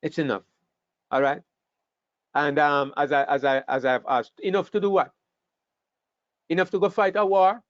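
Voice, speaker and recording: Animated man teaching a Bible class. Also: on the high side, normal speed, long pauses, no echo. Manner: animated, acts out scripture quotes, repeats words while thinking. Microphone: online call microphone. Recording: dull, dry online call audio.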